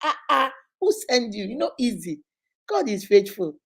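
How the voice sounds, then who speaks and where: A middle-aged Nigerian woman chats on a live stream, calling out to viewers one by one and slipping into preaching. Her voice sits a little high and carries an exuberant, lively energy. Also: moderate pace, vocal fry, slightly rough.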